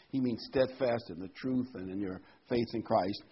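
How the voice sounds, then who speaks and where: A man with a slightly husky voice delivers a sermon, moving between easygoing explanation and louder, emphatic scripture reading. His pitch sits in an ordinary middle range. The recording sounds dull and lo-fi. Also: moderate pace, few pauses. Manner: conversational, rising to emphatic when quoting verses. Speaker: preacher.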